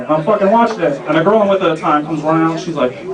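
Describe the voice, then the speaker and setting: A young man doing a stand-up set in a lounge, rambling loosely toward deadpan punchlines. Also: fairly high pitch, racing, few pauses, recorded from a distance. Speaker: stand-up comic. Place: small restaurant lounge stage. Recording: roomy club sound, from off-mic, loud crowd. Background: audience laughter.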